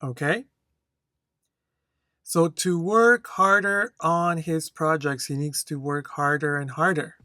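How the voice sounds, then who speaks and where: Reading a model answer with careful intonation, a language test instructor leads a speaking tutorial at a slow, deliberate pace, adding "okay?" after each point. The voice is medium-pitched and sharp-toned, with fairly even intonation overall. The recording is dry.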